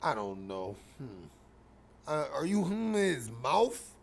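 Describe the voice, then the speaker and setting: A man hosting a casual commentary show, reacting to a clip with mocking, animated talk that swings between loud bursts and mumbles. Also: on the high side, slow, gravelly, slight background noise.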